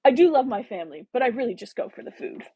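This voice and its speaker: A lazy teasing young gentleman, as a husky-voiced woman reads him out, bit breathy, dry close sound. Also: on the high side, sing-song, fast, dry recording, full character voice, poor audio. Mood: playful. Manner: lazy, joking.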